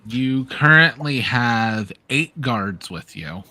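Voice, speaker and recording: A man's voice: medium pitch, slow, dry recording. A man narrating and running a tabletop game as game master, calling rolls and laughing with players. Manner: animated, laughing narration with rules calls.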